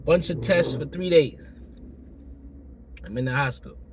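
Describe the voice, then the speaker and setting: A man with a hoarse, still-recovering throat tells a personal story to camera in a loose, slangy way, repeating himself and acting out the exchanges. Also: fairly high pitch, measured pace, slight background noise. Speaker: vlogger telling a personal story.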